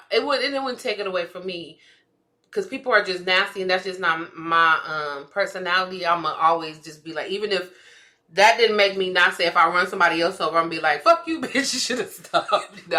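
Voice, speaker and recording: A woman co-hosting a podcast, telling stories in a casual chat, laughing often and acting out what people said. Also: fairly low pitch. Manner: animated storytelling, laughs often, acts out quotes. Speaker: podcast co-host, comedian.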